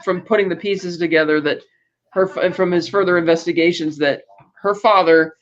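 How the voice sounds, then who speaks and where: Slightly high-voiced man retelling a movie plot on a podcast, loose and rambling with fillers and restarts, dropping into quick character voices. The audio is dull and lo-fi. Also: steady tone, a bit bright. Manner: acts out character quotes. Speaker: podcast host. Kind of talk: casual film recap.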